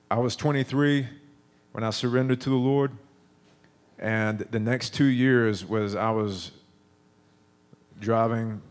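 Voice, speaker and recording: Man, thirties, preacher, sermon, conversational storytelling, lowish voice.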